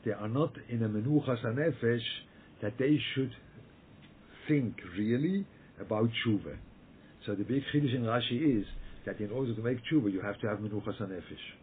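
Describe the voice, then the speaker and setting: A man's voice: mid-range voice, brisk. A man teaching a Torah lesson as a rabbi, answering questions in an emphatic way, repeating himself and often checking in with his listeners. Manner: emphatic, repeats words, checks in with "yeah?" and "okay?". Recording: tinny phone-like line with faint noise.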